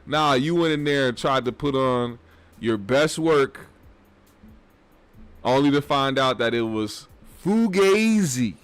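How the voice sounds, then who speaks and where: A man's voice: medium pitch, expressive, takes it slowly, pauses often, clear, resonant tone, faint music behind. A man hosting a casual commentary show, talking in a loose, rambling and profane way. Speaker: host.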